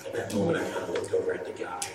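A man's voice: low-pitched, completely flat delivery, racing. A man preaching a sermon, earnestly pleading and acting out conversations in a story. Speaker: pastor. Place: church hall. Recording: echoey hall, distant mic, noisy ambience.

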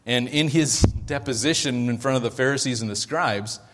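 A man's voice: medium pitch, moderate pace. A man preaching a sermon as pastor, in a conversational way, often checking that his listeners are following. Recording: long hall reverb.

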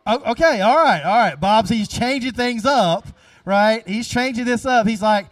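A man's voice: high voice, animated, unhurried, dry recording, far from the mic. A man leading a casual, chatty sermon after an audience guessing game, upbeat and repeating himself.

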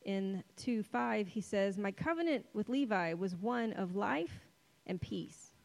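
A woman's voice: medium pitch, animated, vocal fry, darkish tone, low-quality recording. Woman preacher, casual sermon delivery, playful, lingers on key words. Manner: conversational and playful, dramatic pauses on key words.

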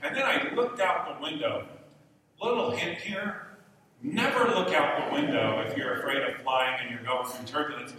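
Male pastor, sermon delivery, bright and forceful, animated storytelling, recorded at a distance in a reverberant church hall. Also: a little high, normal speed, slight background noise. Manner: animated storyteller, swings from hushed to loud. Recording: echoey hall, mic from far off.

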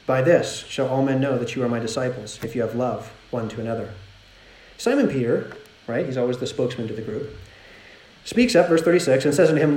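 A man preaching a sermon in a conversational style, growing animated when he retells scenes. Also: mid-range voice, fairly quick. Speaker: pastor. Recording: roomy echo.

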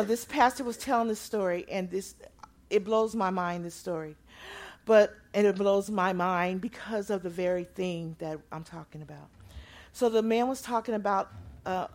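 A woman preaching a sermon, moving from loud proclaiming to quiet storytelling. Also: mid-range voice.

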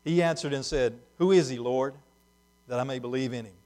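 A man preaching a sermon, moving between hushed, slow passages and loud, emphatic ones. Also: mid-range voice.

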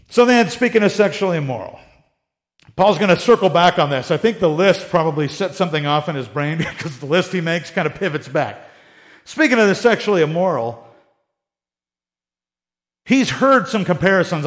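A man teaching the Bible in a casual, conversational way, joking and acting out the people he talks about. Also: high-pitched. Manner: animated, joking, acts out quotes in voices.

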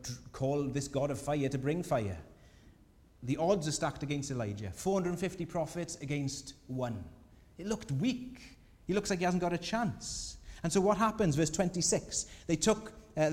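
A man preaching a sermon, telling a scripture story with lively voices for the people in it. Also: mid-range voice. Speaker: pastor. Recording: long hall reverb.

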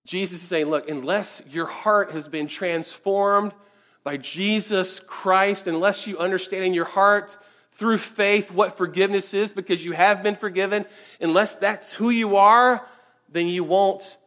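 A pastor preaching a conversational sermon in church, often checking in with the congregation with quick asides. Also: male voice, high-pitched, a bit bright. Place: church sanctuary.

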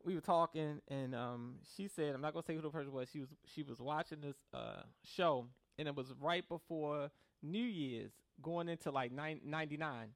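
A man's voice: fairly high pitch, moderate pace, few pauses. A man preaching a sermon as pastor, joking with the congregation and mimicking people in a loose, conversational way.

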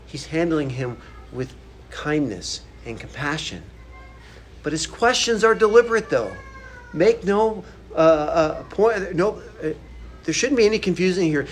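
A man's voice: on the high side, a little hiss or hum. A man preaching a sermon as a pastor, casual and conversational with slangy asides.

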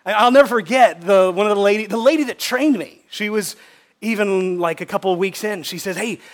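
Male pastor, high voice, emphatic sermon delivery with lots of repetition. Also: fairly quick. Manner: emphatic, repeats words for stress.

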